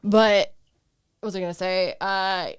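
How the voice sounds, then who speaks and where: A woman's voice: medium pitch, fairly even intonation, a little slow, smooth, no room sound. A young adult woman co-hosting a casual comedy podcast, rambling and sarcastic, laughing often. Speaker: podcast co-host.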